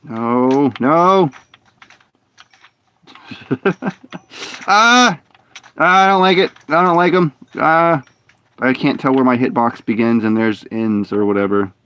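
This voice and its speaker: A man's voice: mid-range voice, lively intonation, slow, long pauses, a bit bright, clear, resonant tone. A man streaming a game live, muttering and complaining in frustration as he plays. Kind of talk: live gameplay commentary.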